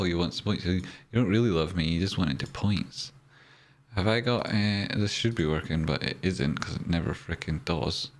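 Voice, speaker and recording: A Scottish man with a very low voice hosts a relaxed trading livestream. He banters and teases, reading comments aloud in an easygoing, joking way. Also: moderate pace. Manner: chatty and joking, reads viewer comments aloud. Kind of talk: casual live-stream chat.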